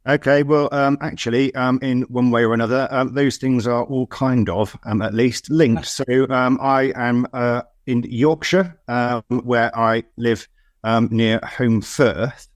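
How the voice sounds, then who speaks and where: A man's voice: mid-range voice, steady tone, unhurried, no room sound. Hesitant man on a video call. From West Country of England. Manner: hesitant, many ums, wry. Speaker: guest, head of local plans. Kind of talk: casual video-call chat.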